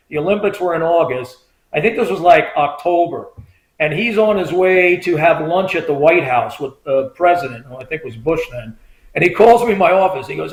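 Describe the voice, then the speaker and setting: A middle-aged man, a former state trooper, telling a story as a podcast guest in a rambling way, full of fillers, acting out the voices of the people he quotes. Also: fairly high pitch. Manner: rambling, full of "you know" and "I mean", acts out quoted voices. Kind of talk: casual storytelling. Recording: echoey room.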